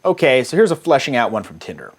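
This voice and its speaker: A middle-aged American man talks through his old dating-app chats like a coach sharing case studies. He rambles, swears freely and chuckles at his own jokes, at a middle pitch. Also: big pitch swings, quick pace. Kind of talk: casual commentary reading out dating-app messages.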